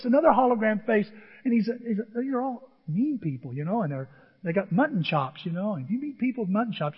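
An older man preaching a sermon, telling stories with animated acted-out voices. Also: high-pitched, quick pace, slightly rough. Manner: animated storytelling, acts out voices. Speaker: pastor. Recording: dull lo-fi audio with hall reverb.

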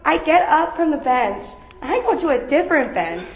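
A woman's voice: high-pitched, sing-song, moderate pace, muffled recording. A young woman sharing a personal faith testimony with a group, talking casually with many fillers. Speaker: member giving a testimony. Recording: roomy echo.

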